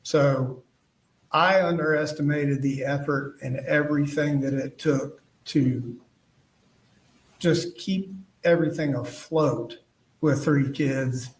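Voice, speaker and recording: A man giving courtroom testimony as a witness, speaking haltingly and retelling past conversations as quoted dialogue. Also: on the high side, steady tone. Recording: echoey room, voice far from the mic.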